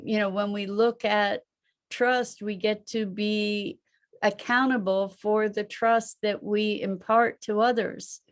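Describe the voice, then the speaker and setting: Slow, musing woman teacher. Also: mid-range voice. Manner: unhurried, musing, with rhetorical questions. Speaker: host and teacher. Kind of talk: reflective live online talk.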